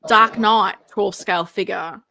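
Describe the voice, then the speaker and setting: A woman co-hosting a casual live stream, chatty and quick to laugh, reading viewer comments aloud. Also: mid-range voice, fairly even intonation, vocal fry, bright, forceful tone, slight background noise.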